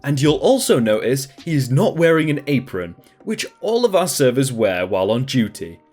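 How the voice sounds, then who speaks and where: A calm restaurant manager speaks politely but firmly in a storybook reading, as the narrator voices him. His voice moves expressively while staying patient, with faint music underneath. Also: medium pitch, normal speed. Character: calm, firm male restaurant duty manager.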